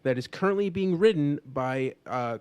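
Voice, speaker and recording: Relaxed man chatting movie news. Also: fairly high pitch, normal speed, clean tone, dry recording. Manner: relaxed, hesitant, many fillers and restarts. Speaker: podcast co-host. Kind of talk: casual chat about movie news.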